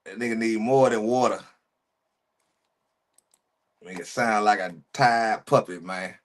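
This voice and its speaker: A man's voice: on the low side, unhurried. A man giving casual reaction commentary in a preachy, emphatic way, repeating his phrases and using slang. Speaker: reaction streamer.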